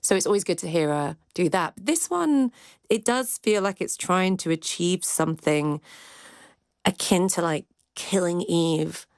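Deep-voiced woman critic chatting candidly. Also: expressive, unhurried, no room sound, studio quality. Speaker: film critic, cultural commentator. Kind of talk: radio discussion.

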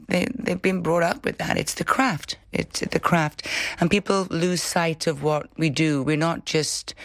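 A woman's voice: sits low, no room sound, clean studio sound. A middle-aged woman, an actress, answering interview questions earnestly and with passion, restarting her sentences at times.

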